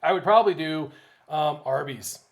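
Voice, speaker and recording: A man's voice: on the high side, moderate pace. A young man co-hosting a casual chat, playful and teasing, laughing often. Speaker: co-host.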